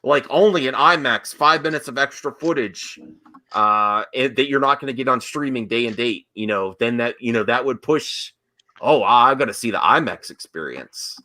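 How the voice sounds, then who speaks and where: A man's voice: mid-range voice, normal speed, sharp tone. A man hosting a casual movie podcast, chatting and telling stories with easy laughs. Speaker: host.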